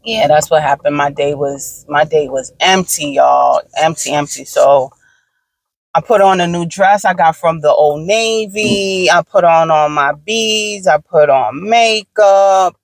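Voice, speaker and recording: A woman in her thirties, talking casually to her viewers from inside a car, animated and frank with swearing, swinging from exasperated rants to easy storytelling. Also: on the low side, takes it slowly, dry recording, rough recording. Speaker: vlogger.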